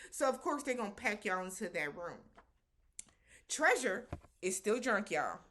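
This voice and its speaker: A woman's voice: mid-range voice, big pitch swings, a little slow, fairly bright tone, slight background noise. A woman hosting a casual reality-show recap, talking animatedly, slipping into quoted voices and slang.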